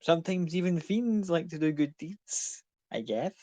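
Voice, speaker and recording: A man's voice: medium pitch, measured pace, darkish tone, no room sound, close to an everyday voice. A man voicing a sly, scheming female fiend in a tabletop game, coy and teasing.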